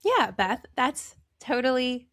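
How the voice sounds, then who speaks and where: A woman's voice: high voice, sing-song, slow pace, a bit bright, no room sound. A woman hosting a podcast, upbeat and affirming as she chats with her guest. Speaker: podcast host. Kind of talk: casual interview chat.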